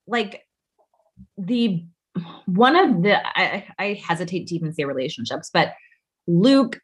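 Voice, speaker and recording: A woman's voice: on the low side, expressive, a little slow, husky. A young woman co-hosting a podcast, giving blunt, crude opinions in casual chat. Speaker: podcast co-host.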